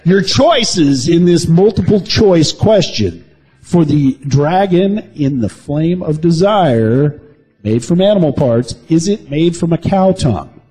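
A man's voice: on the high side, lively intonation, takes it slowly, warm tone, breathy edge. A man co-hosting a podcast in casual joking chat, playfully teasing and hamming up his game-show announcements. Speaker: podcast co-host.

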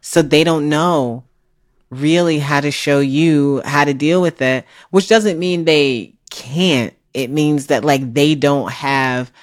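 Thoughtful woman guest, measured. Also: low-pitched, no echo. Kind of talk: reflective conversation. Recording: dry close mic.

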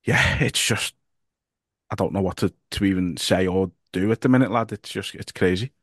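A man with a Liverpool accent hosting a casual podcast, halting and repeating his words, swearing now and then. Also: low voice, darkish tone, dry recording, clean studio sound. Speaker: podcast host.

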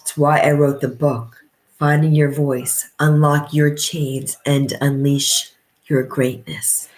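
A middle-aged woman with a low voice speaks as a podcast guest. She talks in a heartfelt, reflective way and slows down to stress her points. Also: flat delivery, a little mellow. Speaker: guest, coach and author. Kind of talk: emotional podcast interview.

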